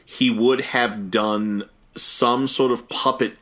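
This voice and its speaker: A man in a casual chat, speaking slowly and making measured remarks. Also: medium pitch, steady tone, fairly bright tone.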